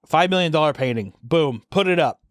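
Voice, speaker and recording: A young man co-hosting a casual podcast, animated and profane, acting out little scenes as he talks. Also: fairly high pitch, a little fast, no echo, clean studio sound. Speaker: podcast co-host and animation YouTuber.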